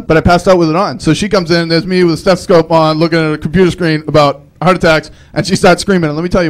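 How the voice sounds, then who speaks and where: Rambling young male stand-up comic. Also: fairly high pitch. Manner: rambling self-deprecating storytelling with restarts. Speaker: stand-up comedian. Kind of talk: live stand-up comedy set.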